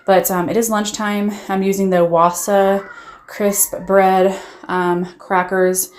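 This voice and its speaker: A woman's voice: mid-range voice, flat delivery, slow, darkish tone, slight background noise. A woman vlogger narrating a casual voiceover, chatty and upbeat, with frequent "um"s as she gushes about her food. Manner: chatty, many "um"s, upbeat and gushing. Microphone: voiceover recorded while editing.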